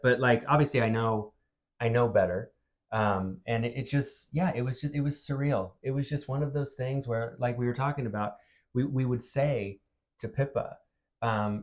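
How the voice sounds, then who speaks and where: An American man from the United States, co-hosting a podcast in a halting, rambling way with many fillers. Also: mid-range voice. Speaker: podcast co-host. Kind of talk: casual chat.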